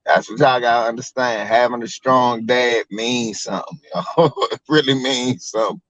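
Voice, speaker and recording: A man from Maryland telling stories in a casual livestream chat, animated and profane. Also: mid-range voice, normal speed, dry recording, poor audio. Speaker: co-host.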